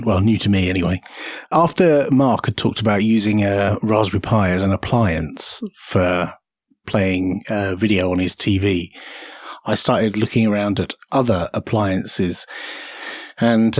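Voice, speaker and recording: Male co-host, low husky voice, dry close sound, rambling delivery. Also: moderate pace, no echo. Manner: rambling, with many fillers and restarts. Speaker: podcast co-host. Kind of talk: casual tech podcast chat.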